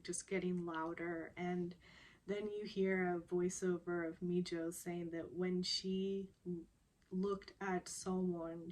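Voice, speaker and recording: A woman casually recapping a television drama episode, chatty and laughing often. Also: fairly low pitch. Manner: chatty, laughs often, animated when quoting characters.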